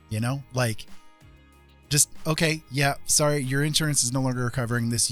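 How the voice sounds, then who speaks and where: A man hosting a live stream, telling a story in a loose, rambling way with blunt, profane remarks. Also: fairly low pitch. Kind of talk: casual chat, storytelling.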